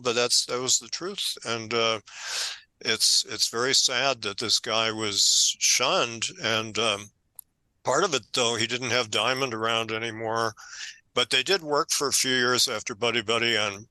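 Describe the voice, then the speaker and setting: An older man, an author being interviewed, telling stories in a conversational, animated way and growing emphatic when indignant. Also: mid-range voice, a little slow, no room sound, low-quality recording. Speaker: author guest.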